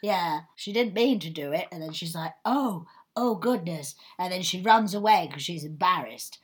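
A woman's voice: on the low side, moderate pace, husky. A woman in casual film chat, playful and chatty, acting out bits of the scenes. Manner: chatty, playful, acts out characters.

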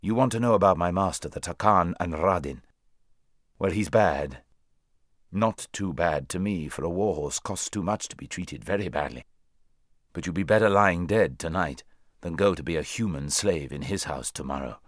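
Male reader doing a haughty talking war horse, low voice, lively and commanding, dry close sound. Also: dry recording. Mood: brisk. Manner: brisk, commanding, contemptuous.

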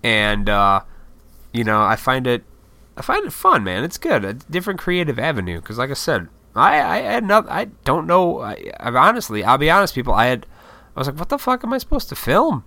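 A man's voice: medium pitch, huge pitch swings, normal speed, creaky, bright, forceful tone, no room sound. A man in his thirties, a YouTuber, in a casual, rambling, profane vlog monologue. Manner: rambling, profane, laid-back, self-deprecating.

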